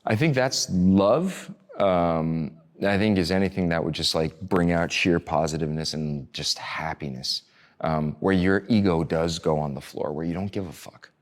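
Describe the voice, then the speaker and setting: Low-voiced rambling man talking casually. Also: normal speed. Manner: loose and rambling, swears, many fillers and restarts. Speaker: interview guest. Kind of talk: casual conversation.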